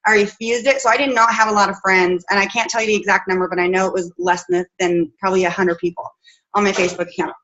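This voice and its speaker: A woman's voice: mid-range voice, steady tone, quick pace, a bit bright, highs cut off. A woman in her thirties, a fitness coach, telling her personal story at home in a chatty, rambling way with many fillers and restarts.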